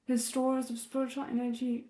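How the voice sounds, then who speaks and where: A woman reading a novel aloud as a readalong host, soft and measured, breaking off to react with feeling. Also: high-pitched, completely flat delivery. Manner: emotionally invested, breaks off to react.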